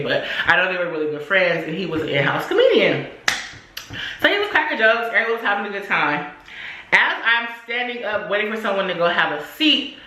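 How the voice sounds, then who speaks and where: A young adult woman vlogger telling a story casually, in animated, slangy, profane speech. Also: mid-range voice. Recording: echoey room.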